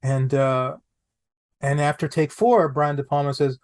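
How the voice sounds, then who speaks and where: A man, an actor guest on a podcast, telling anecdotes in an animated way, repeating phrases for comic effect. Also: mid-range voice, a little fast. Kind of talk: anecdotal storytelling.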